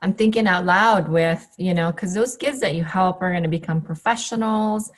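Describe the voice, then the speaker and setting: A woman's voice: on the low side, normal speed. A woman hosting a podcast interview, encouraging her guest with frequent short affirmations. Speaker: podcast host.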